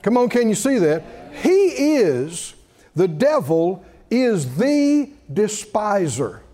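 A man's voice: high voice, big pitch swings, takes it slowly, mellow. A male preacher delivering a sermon, telling a story with laughter and rising exclamations. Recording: reverberant hall.

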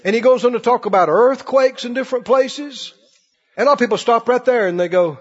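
A man preaching a sermon in an animated way, slipping into mocking put-on voices. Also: very high voice, fairly quick, breathy edge. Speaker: pastor. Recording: dull recording in a reverberant hall.

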